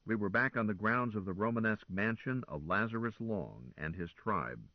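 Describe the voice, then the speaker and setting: A man narrating an audiobook in a measured, expressive way. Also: lowish voice, dry recording, dull audio.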